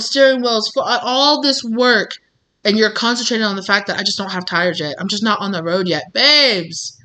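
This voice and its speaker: A woman's voice: fairly high pitch, pushed and bright. A woman giving a casual, encouraging tarot reading straight to her viewers, full of reassurance and little fillers. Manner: encouraging, calls listener babes, many fillers. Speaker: tarot reader.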